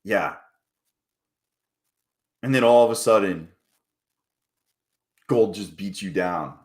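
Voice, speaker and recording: A man's voice: lowish voice, takes it slowly. Loose, profane man chatting on a stream. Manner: loose, profane, joking banter with chat. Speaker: livestream trading host. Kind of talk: casual live-stream chat.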